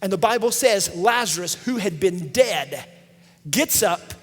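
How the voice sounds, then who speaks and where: A man telling a Bible story to children in lively style, energetically calling for the audience to answer back. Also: high voice, a little slow. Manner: energetic, calls out for audience responses. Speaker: children's minister. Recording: long reverb from a large hall.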